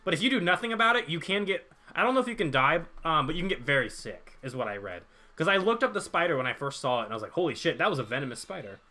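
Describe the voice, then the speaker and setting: Young guy streaming, joking w chat, kinda bright highish voice. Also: big pitch swings, fast talker. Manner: joking, rambling, reads chat aloud. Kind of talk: casual chat with stream viewers.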